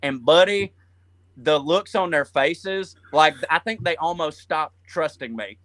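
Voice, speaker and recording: A man from Georgia with a Southern accent, a guest comedian in a casual chat, rambling and profane as he tells animated stories. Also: a little high, measured pace, no room sound.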